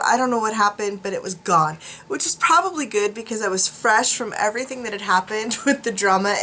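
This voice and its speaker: A woman's voice: mid-range voice, fairly bright tone, a little hiss or hum. A drowsy woman vlogger rambling casually to her viewers, with many ums and restarts. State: tired, drowsy. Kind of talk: casual chat to camera. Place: home studio.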